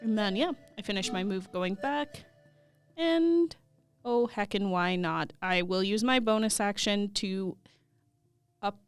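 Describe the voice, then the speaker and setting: Clear-voiced woman playing a tabletop game. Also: mid-range voice, a little slow, faint music behind. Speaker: player. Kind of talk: casual tabletop game play.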